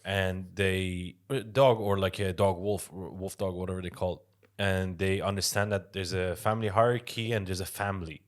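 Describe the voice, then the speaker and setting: A man's voice: deep voice, steady tone, normal speed. A man co-hosting a podcast in casual chat, explaining things with examples and plenty of swearing. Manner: loose, profane, explains with examples. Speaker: podcast co-host.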